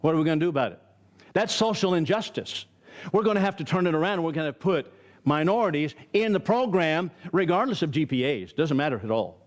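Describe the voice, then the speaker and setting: A man's voice: on the high side, expressive, a little fast. An older man from Arizona teaching a Bible study, emphatic and firing rhetorical questions at his listeners.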